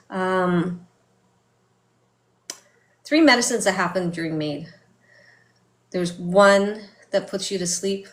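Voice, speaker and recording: A middle-aged woman telling a personal story in a vlog, speaking softly and haltingly, with many fillers and restarts. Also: lowish voice. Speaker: vlogger. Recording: echoey room.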